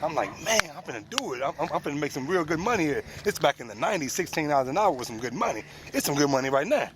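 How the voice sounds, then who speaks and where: A man's voice: a little high, sing-song, racing, a crowd in the background. A man in his forties telling a personal story, plain spoken and full of street slang. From United States. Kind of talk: personal story told to an audience.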